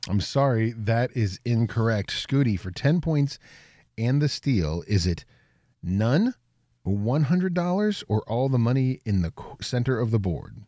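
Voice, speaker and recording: A man's voice: mid-range voice, very animated, measured pace, mellow, no room sound, clean studio sound. A man hosting a playful quiz segment, reading out questions and answer options, often laughing. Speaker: quiz host.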